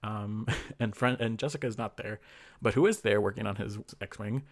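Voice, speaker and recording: A man with a low, gravelly voice co-hosts a casual podcast chat. He retells a story in a loose, rambling way, full of fillers and quick quoted bits of dialogue. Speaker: podcast co-host.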